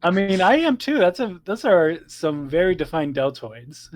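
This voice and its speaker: A man co-hosting a game stream, joking around in quick, playful banter. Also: sits high, very animated. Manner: jokey, quick, laughs a lot. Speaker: co-host. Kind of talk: casual let's-play chat.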